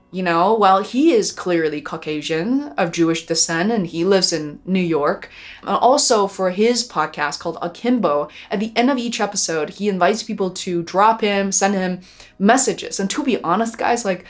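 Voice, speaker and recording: A woman, a documentary filmmaker, telling a personal story in a reflective vlog, earnest and heartfelt, often pausing on fillers. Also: medium pitch.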